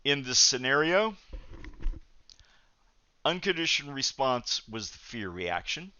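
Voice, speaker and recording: A male psychology lecturer giving a recorded video lecture in a measured, explanatory way, often pausing on "uh" fillers. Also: medium pitch, very animated, sharp tone, clear, resonant tone, no room sound. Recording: dull, lo-fi, dry recording.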